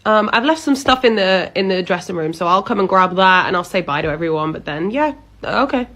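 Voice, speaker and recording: Woman playing a deadpan British pub worker. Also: mid-range voice, fairly quick, close to an everyday voice. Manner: flat, matter-of-fact, deadpan. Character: blunt, unbothered young woman pub worker. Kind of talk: comedy sketch acting.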